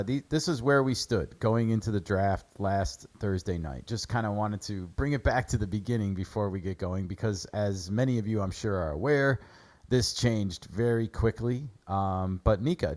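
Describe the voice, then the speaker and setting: A man's voice: fairly low pitch, normal speed, darkish tone. A man hosting a casual sports show, breaking down football draft picks in a chatty way with lots of fillers. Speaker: sports podcast host.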